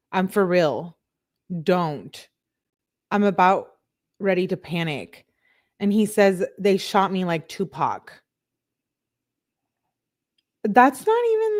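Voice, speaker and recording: Slow-talking woman reading texts aloud. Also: lowish voice. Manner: reads messages aloud with frequent laughing asides and reactions. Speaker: true crime commentary host. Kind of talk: casual chat reading text messages aloud.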